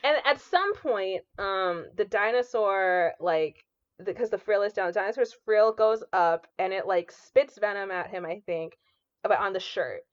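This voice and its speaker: Speaking at a measured pace, this woman co-hosts a podcast and casually retells a film, dropping plenty of fillers and performing the quotes. Her mid-range voice is clear and resonant, but the audio is dull.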